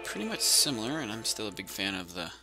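Rambling low-voiced man narrating gameplay. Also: big pitch swings, fast. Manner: rambling, thinking aloud, easily amused. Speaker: gaming channel host. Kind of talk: let's-play game commentary. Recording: game music playing clearly behind. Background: game soundtrack music.

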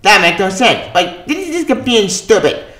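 A man's voice: sits high, sing-song, moderate pace, sharp tone, reverberant. A man giving a casual spoken comic book review. He rambles, sounds exasperated and swears often.

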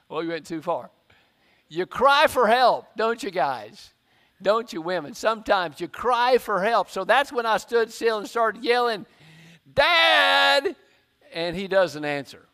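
A man preaches to his church. He tells a story from his own life and acts out his inner voice in the quoted lines, rising loud and high and then dropping low. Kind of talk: sermon.

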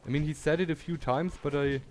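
Chatty guy streaming a game, kinda high voice, laughs a lot, faint noise. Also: steady tone, fast. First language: German. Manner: chatty, laughs often, greets chat viewers. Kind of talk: casual gameplay commentary.

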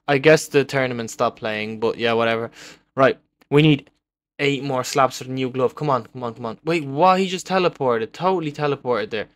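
A young man commenting live on his own gameplay, excitable and repeating words in bursts as he taunts other players. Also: mid-range voice, moderate pace. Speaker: gaming video creator.

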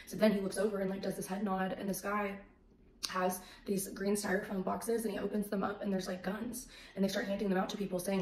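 A woman giving a casual faith testimony, animated and acting out the voices in her story. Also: mid-range voice, fast. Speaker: faith vlogger. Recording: echoey room.

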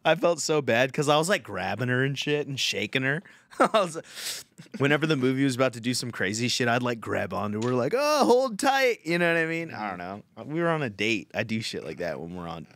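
A man's voice: medium pitch, expressive, a little fast, a bit bright, no echo. A young man hosting a podcast, telling a rambling, profane story in casual chat. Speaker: podcast host.

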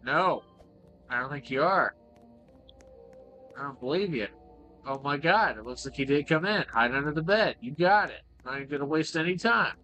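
A man giving excitable, joking playthrough commentary, swearing freely as he plays. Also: on the high side, moderate pace, long pauses, faint music behind. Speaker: gaming video creator.

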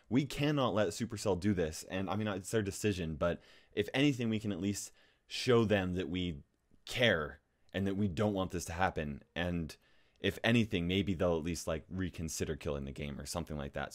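Anxious gaming YouTuber man, nervous laughs. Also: on the low side. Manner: restless, with frequent restarts and fillers. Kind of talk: casual talking-head vlog.

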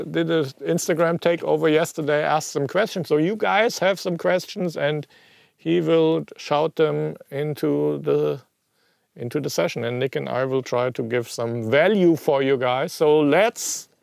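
A man's voice: on the high side, measured pace, gravelly, no echo, clean studio sound. A man with a German accent hosting a casual chat, joking and chatty. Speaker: host.

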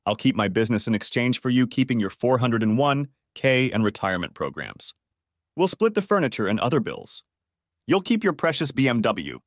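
Audiobook part: a narrator doing a hard, icy husband laying out terms, animated, dry. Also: male voice, medium pitch, a little fast, no room sound, lightly acted. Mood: cold. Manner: cold and firm. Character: cold, resolute wronged husband.

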